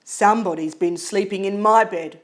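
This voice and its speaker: A woman voicing a big papa bear in a storybook, loud and growly. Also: mid-range voice, moderate pace, lightly acted. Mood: grumbling.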